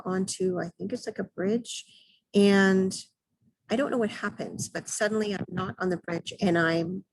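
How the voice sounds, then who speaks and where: A middle-aged woman talking as an intuitive soul guide and mentor in a casual spiritual vlog, calm and hesitant with many ums and throat clears. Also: lowish voice, no room sound, low-quality recording.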